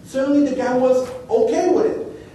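A man's voice: very high voice, steady tone, moderate pace, dark tone. A man delivering a conference keynote, telling a story in a conversational way and acting out bits of dialogue. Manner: anecdotal, acts out dialogue. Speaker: keynote speaker. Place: large conference hall. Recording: echoey hall, distant mic, faint noise.

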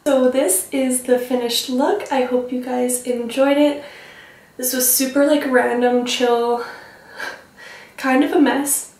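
A woman's voice: sits high, fairly even intonation, slow, a little mellow. A young woman giving a chatty makeup tutorial, rambling along and teasing herself. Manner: rambling, self-teasing, filler-heavy. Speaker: beauty vlogger. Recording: echoey room, mic at a distance.

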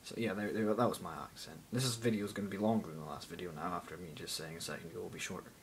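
A man's voice: sits low, very fast, a little hiss or hum, poor audio. A teenage boy rambling jokily into a phone camera, going off on random tangents. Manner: random, jokey, self-mocking, mutters asides. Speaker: vlogger. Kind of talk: rambling casual vlog.

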